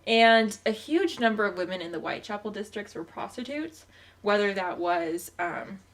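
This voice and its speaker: A woman's voice: mid-range voice, lively intonation, normal speed. A woman co-hosting a casual podcast chat, who keeps steering things back on track with "okay, well". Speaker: podcast co-host.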